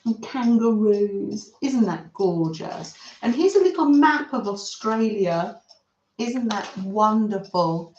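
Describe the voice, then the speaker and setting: A woman's voice: mid-range voice, lively intonation, slow pace, a little hiss or hum. A woman hosting a craft livestream, chatting to viewers and reading their messages aloud in a gushing, friendly way. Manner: gushing, warm-hearted, reads chat aloud. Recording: roomy, slightly dull sound.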